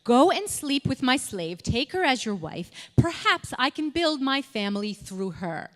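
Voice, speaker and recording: A woman voicing a bossy, resentful wife in a Bible story, raising her voice high in accusation. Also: sing-song, measured pace. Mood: scheming. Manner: indignant, accusing. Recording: echoey hall with long reverb.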